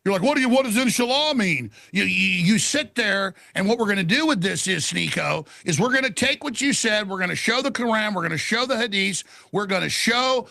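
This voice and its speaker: A man's voice: sits high, lively intonation, fairly quick, vocal fry, hardly any pauses, sharp tone. A middle-aged man arguing combatively in a heated debate, interrupting and repeating his points.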